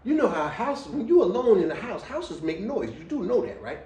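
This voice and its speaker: A middle-aged man telling a personal story to viewers, lively and full of slang, swinging between loud exclamations and quiet asides and laughing often. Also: high-pitched, brisk. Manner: casual American slang, addresses viewers as y'all. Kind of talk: animated storytelling monologue. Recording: roomy, a little distant from the mic.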